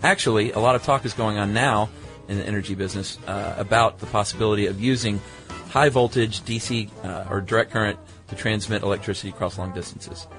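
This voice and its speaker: A man's voice: on the low side, steady tone, fast, hardly any pauses, a bit bright, soft background music. A middle-aged man co-hosting a podcast, chatting casually and reading listener mail in an easygoing way. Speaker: podcast co-host. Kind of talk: casual chat.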